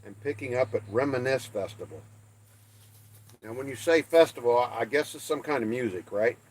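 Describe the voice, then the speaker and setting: A man's voice: medium pitch, normal speed. An older man from the American West hosting a livestream, chatting casually and folksy with viewers as he reads their comments. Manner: folksy, self-deprecating, reads chat aloud. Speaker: livestream host. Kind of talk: casual chat with live chat viewers.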